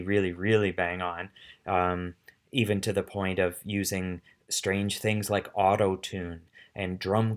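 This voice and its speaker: A middle-aged man teaching music, patiently explaining step by step and counting rhythms aloud. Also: fairly low pitch. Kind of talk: casual instructional demo.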